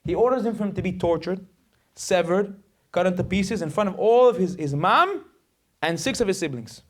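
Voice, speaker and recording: A man's voice: sits high, lively intonation, normal speed. A male rabbi giving a sermon, emphatic and dramatic, telling stories and acting out the voices in them. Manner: acts out quoted voices.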